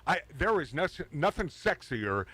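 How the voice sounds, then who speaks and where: A man's voice: a little high, very animated, a little slow, a bit bright, no room sound. Male talk radio host, joking banter, breaks into laughs while reading news items. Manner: jokey, laughs often, reads news items aloud.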